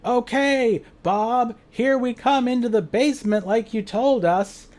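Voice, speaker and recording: Awkward vampire guy fumbling a lie, stammery and high-strung, done by a man. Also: expressive, unhurried, exaggerated voice. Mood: awkward yelling. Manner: nervous stammering, loud awkward yelling. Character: awkward male vampire bluffing badly.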